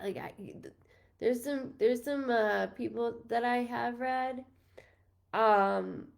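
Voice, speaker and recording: Gravelly-voiced chatty woman in her thirties. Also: a little high. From New York, USA. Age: 30s. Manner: chatty, rambling, apologetic and emotional. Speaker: psychic medium. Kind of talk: live-streamed reading.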